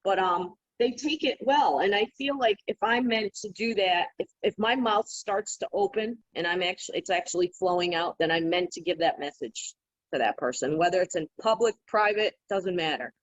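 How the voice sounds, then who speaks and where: A woman guest on a podcast, telling stories in an animated, casual way and laughing often. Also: lowish voice, normal speed. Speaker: podcast guest, psychic healer. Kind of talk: casual interview storytelling. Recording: dull lo-fi remote audio.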